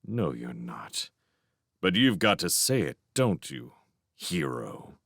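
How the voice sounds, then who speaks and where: A man voicing a desperate male soldier trapped in a collapsing cave, shouting frantically and turning bitter. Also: sits high, wildly swooping pitch, fairly quick, gravelly, slightly rough, no echo, studio quality, pitched above the performer's own voice, heavily acted.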